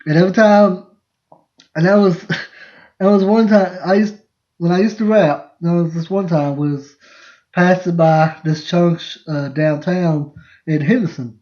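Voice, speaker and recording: A man's voice: high voice, fairly even intonation, a little slow, a little mellow. A man, hosting a podcast and telling rambling, laughing family stories in a casual live stream. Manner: rambling, laughing, restarts mid-sentence. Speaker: podcast host. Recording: lo-fi dull sound.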